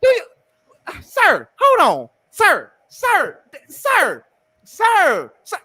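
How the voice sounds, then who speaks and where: A man co-hosting a track talk show, shouting in outrage and then hushing himself to stay calm. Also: very high voice, extremely slow. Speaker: track podcast co-host. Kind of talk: heated sports talk.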